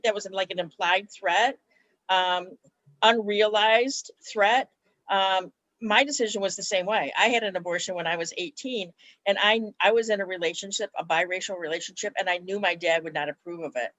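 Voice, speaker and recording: A woman hosts a live-streamed conversation over a video call, speaking with a dry, close sound. She turns to her viewers warmly and directly to reassure them. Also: mid-range voice, dry recording, poor audio. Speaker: host of a weekly live show.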